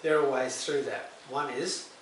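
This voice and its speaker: A man's voice: mid-range voice, steady tone, unhurried, a bit bright. A middle-aged man, a counsellor and psychotherapist, talks plainly and conversationally in a direct-to-camera advice talk and acts out short example dialogues. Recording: roomy echo, mic at a distance, faint hiss.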